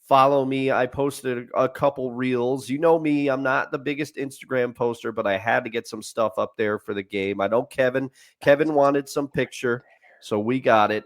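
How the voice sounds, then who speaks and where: A man's voice: medium pitch, fairly even intonation, normal speed. Rambling man in casual sports talk. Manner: rambling, restarts often, laughs at his own stories. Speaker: podcast co-host.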